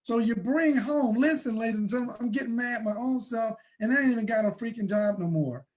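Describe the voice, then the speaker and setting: A man hosting a motivational money talk, preaching and building to shouts. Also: very high voice, quick pace. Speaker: host.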